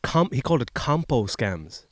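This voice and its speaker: A man's voice: mid-range voice, sing-song, normal speed, no echo, studio quality. A man, rambling through a funny story in casual chat, swearing and poking fun at himself. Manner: rambling anecdote, profane, self-mocking.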